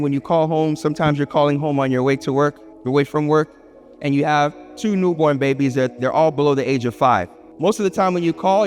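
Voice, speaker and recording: An Islamic speaker, a man, gives a lively lecture with a fairly high pitch, throwing questions to the audience and acting out small everyday scenes. His voice rings in a reverberant hall over faint music.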